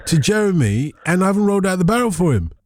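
A man hosting a radio phone-in show, excitable and bantering with his callers. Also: high-pitched, fast, dry recording, studio quality. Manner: excitable, bantering, exclaims often. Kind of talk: lively radio chat with callers. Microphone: studio microphone.

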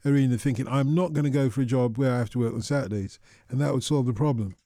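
A man's voice: medium pitch, quick pace, mellow, no echo. A man hosting a late-night radio phone-in, chatting in a rambling, teasing way into a studio microphone.

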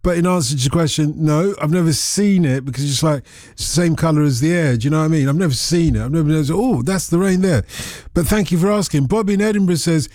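A man's voice: on the high side, quick pace, a little mellow, no echo, clean studio sound. A man hosting a late-night radio phone-in, rambling and joking between listener messages. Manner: rambling, jokey, filler-heavy banter. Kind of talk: casual chat. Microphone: studio microphone.

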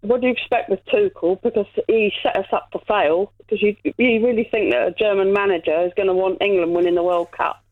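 An earnest phone-in caller giving halting opinions on a sports radio show. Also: mid-range voice, fairly even intonation, no echo. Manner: earnest, halting, many "I think"s. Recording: tinny phone line.

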